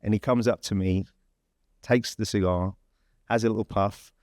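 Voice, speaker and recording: An English man with a fairly low voice tells a story in a loose, conversational way. He restarts sentences and leans on fillers as he goes. The sound is close and dry. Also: steady tone, normal speed, darkish tone, no room sound. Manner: chatty, rambling storyteller with many fillers and restarts. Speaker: podcast host. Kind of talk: casual anecdote telling.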